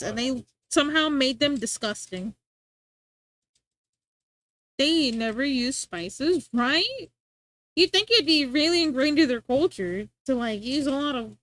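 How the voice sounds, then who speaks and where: A woman's voice: high voice, fairly bright tone, no room sound. A young adult woman streaming, rambling in casual chat and answering her chat, often restarting her sentences.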